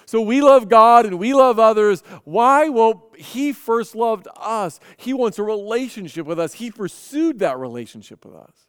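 A man's voice: high voice, lively intonation, a little slow, hardly any pauses, clean tone, no echo, clean studio sound, in a large hall. A man preaching a sermon, telling stories earnestly and often repeating his first word as he goes. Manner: earnest storytelling with frequent repeated starts. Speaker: pastor.

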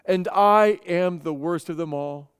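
A man's voice: high voice, a little slow, clear, resonant tone, no room sound, clean studio sound, big-room sound. A man preaching a sermon, telling stories earnestly and often repeating his first word as he goes. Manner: earnest storytelling with frequent repeated starts. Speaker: pastor.

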